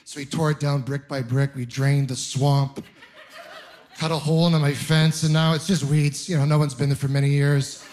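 A man's voice: fairly high pitch, level tone, darkish tone. Wry, self-mocking male stand-up comic. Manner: wry, self-mocking storytelling with rapid rhetorical questions. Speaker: stand-up comedian. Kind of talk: stand-up comedy set.

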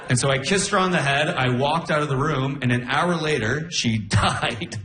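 A man telling stories on a live comedy stage in an animated way, into a handheld stage mic. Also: fairly high pitch, normal speed, few pauses. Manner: animated, storytelling. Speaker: stand-up comedian. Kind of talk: stand-up comedy set.

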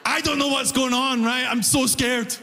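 A man doing a stand-up comedy routine, telling stories with animated energy and laughing along, English not his first language. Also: extremely high pitch, moderate pace, long reverb tail. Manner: animated storyteller, breaks into laughter.

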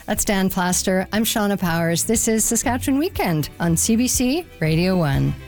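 Relaxed female radio host. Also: mid-range voice, moderate pace, over music. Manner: relaxed, friendly banter. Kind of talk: casual radio chat.

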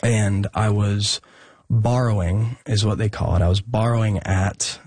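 Young guy getting emotional telling his story, husky, keeps restarting, um uh a lot, dry sound. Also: on the low side, steady tone, darkish tone, no echo. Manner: halting, lots of fillers and restarts. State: emotional, choking up. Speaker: interview guest, musician. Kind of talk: personal storytelling in an interview.

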